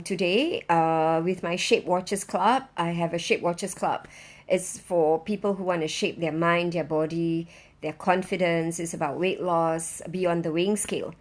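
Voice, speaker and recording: A woman who has not slept, chatting on a live stream in a bubbly, effusive way and squealing with excitement. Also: mid-range voice. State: sleepless. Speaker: online business owner. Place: in Singapore.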